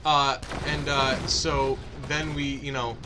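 A man's voice: mid-range voice, level tone, slow pace, noisy background. A young man co-hosting a gaming video, telling a story in a rambling, easygoing way. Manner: rambling, lots of restarts and fillers while telling a story. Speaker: let's play co-host. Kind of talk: casual storytelling chat.

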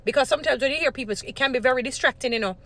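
A woman's voice: high voice, rapid-fire, a bit bright. A woman giving Christian commentary in a casual vlog, earnest and given to repeating points for emphasis. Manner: earnest, grows indignant, repeats herself for emphasis.

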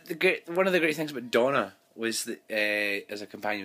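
A man talking through a TV episode in a loose, rambling vlog, stopping and restarting his sentences. His pitch jumps around a lot, and his voice is a little husky. He is recorded on a phone. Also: expressive, a little fast, few pauses, sharp tone. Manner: rambling, many fillers and restarts. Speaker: TV episode reviewer. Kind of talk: casual vlog review.

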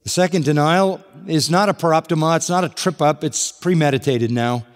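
A man's voice: fairly high pitch, brisk. A man preaching a sermon, walking through a passage verse by verse with rhetorical questions. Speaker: pastor. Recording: long hall reverb.

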